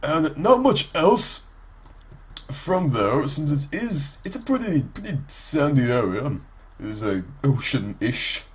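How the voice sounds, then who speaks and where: A man's voice: fairly high pitch, big pitch swings, slow, fairly bright tone, breathy edge. A sick man with a congested, nasal voice gives rambling, casual gameplay commentary for his let's play, full of ums and restarts.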